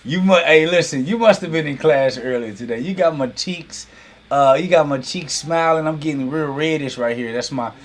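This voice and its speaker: A man opens a live online class with easygoing chatter. He ribs viewers in the chat and builds excitement for the lesson in a relaxed, animated delivery that keeps slipping into friendly teasing. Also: fairly high pitch, normal speed. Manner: playful teasing banter with chat; animated hype, heavy use of y'all. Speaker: host and business coach. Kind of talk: casual livestream class intro.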